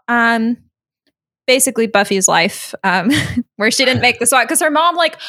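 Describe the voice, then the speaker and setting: A woman's voice: on the high side, pushed and bright. A woman co-hosting a casual podcast, chatting and laughing as she recaps an episode. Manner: chatty, laughs often, acts out quotes. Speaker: podcast co-host.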